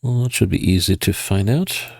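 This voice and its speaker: A man's voice: fairly low pitch, expressive, moderate pace, gravelly, a little mellow, dry recording, clean studio sound. A man with a stuffed-up, sniffly nose giving casual gameplay commentary, thinking aloud in a hesitant way with chuckles. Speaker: video game player.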